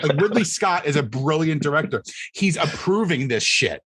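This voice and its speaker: A man's voice: on the high side, animated, moderate pace, fairly bright tone, slight background noise. A man co-hosting a casual podcast as a comedian, ranting sarcastically and swearing freely. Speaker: comedian co-host.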